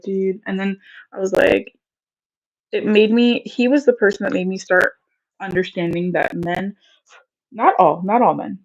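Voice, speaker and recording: A woman's voice: on the low side, dull audio. A woman in her thirties, co-hosting a casual live chat, telling stories in a chatty way and laughing easily. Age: 30s. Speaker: co-host of a live stream.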